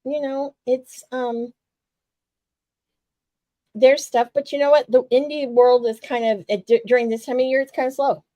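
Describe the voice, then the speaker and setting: A woman's voice: high-pitched, fairly even intonation, normal speed, pauses often, warm tone, no room sound, dull audio. A woman from the US West Coast co-hosting a casual wrestling podcast, emphatic, profane and fired-up. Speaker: podcast co-host.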